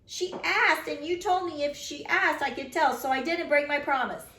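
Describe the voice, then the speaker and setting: A woman reading aloud, voicing an excitable little girl who blurts out secrets in a high, insistent squeal. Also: moderate pace. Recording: roomy echo.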